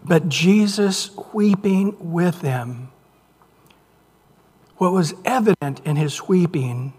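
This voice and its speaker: Male pastor preaching, kinda high voice, goes quiet then loud, long hall echo. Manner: swings between near-whispered softness and loud emphasis; reads scripture aloud with slow, drawn-out phrases. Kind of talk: sermon. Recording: long reverb of a large hall.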